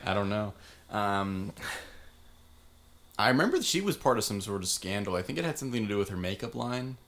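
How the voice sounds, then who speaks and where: Low gravelly man with deadpan asides. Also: a little fast. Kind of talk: casual chat.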